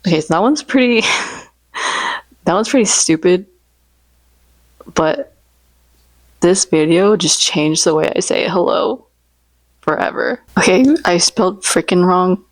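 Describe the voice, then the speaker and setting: A woman vlogger chats in a low, relaxed voice, rambling from one tangent to the next. She is recorded close to the mic in a dry room with no echo. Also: slow, long pauses. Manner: rambling, chatty, jokes about her own impressions. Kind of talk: casual chat.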